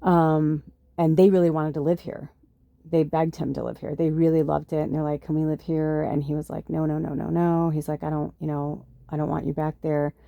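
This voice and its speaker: A woman's voice: sits low, flat delivery, moderate pace, gravelly, no echo, lo-fi sound. A woman hosting a spiritual podcast, chatting loosely through a personal story with lots of fillers and retold dialogue. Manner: chatty, full of fillers, quotes others in her own voice. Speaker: podcast host.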